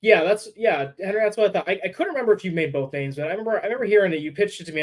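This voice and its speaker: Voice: mid-range voice, lively intonation, very fast, few pauses, poor audio. A fan film creator chatting casually on a livestream, rambling and thinking aloud, with frequent swearing.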